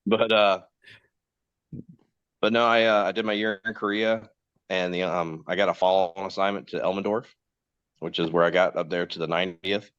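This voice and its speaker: A man's voice: deep voice, measured pace, pauses often, a bit bright, smooth, no echo. A man in his forties telling long, rambling anecdotes on a casual podcast, acting out other people's lines and laughing often. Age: 40s. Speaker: podcast guest host. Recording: dull, dry lo-fi podcast mic.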